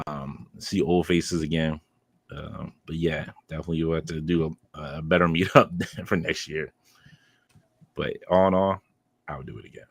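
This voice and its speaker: A man's voice: very deep voice, no echo. A man co-hosting a podcast, recapping a convention in casual chat, rambling with many ums and laughs. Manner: rambling, filler-heavy, laughs while telling stories. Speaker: podcast co-host.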